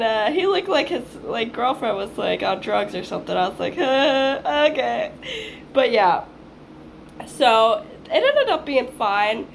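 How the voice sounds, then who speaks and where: A woman's voice: fairly high pitch, creaky, slight background noise. A woman in her twenties, raised in Hawaii, telling a rambling personal story in a casual vlog, swearing freely and acting out what she once said. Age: 20s. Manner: rambling, swears freely, acts out her own past lines. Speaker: vlogger.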